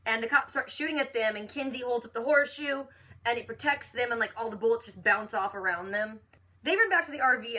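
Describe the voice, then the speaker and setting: A young woman casually recapping a TV episode, chatty and animated, retelling scenes with quoted lines and lots of filler words. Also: fairly high pitch. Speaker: reaction channel host.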